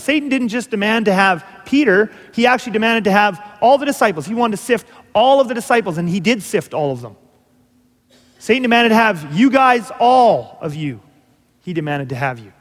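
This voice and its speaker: High-voiced preaching man in a reverberant hall. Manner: earnest, emphatic preaching with dramatic pauses. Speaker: pastor. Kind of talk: sermon.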